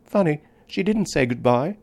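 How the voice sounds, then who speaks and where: A man's voice: on the high side, animated, normal speed, darkish tone, voice pushed up. A man reading aloud, voicing an earnest five-year-old girl with a childish voice and old-fashioned, folksy speech.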